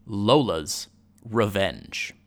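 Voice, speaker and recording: Gravelly low-voiced man reading a story. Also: sing-song, very slow. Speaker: podcast host reading old newspaper stories. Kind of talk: reading aloud an old story.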